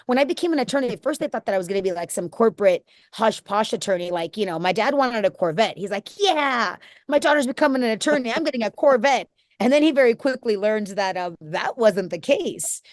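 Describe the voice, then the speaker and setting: A woman's voice: medium pitch, lively intonation, brisk, few pauses, darkish tone, no echo, studio quality. A woman in her thirties, a nonprofit founder speaking as an interview guest, heartfelt and rambling with many fillers and restarts. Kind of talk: candid conversational interview.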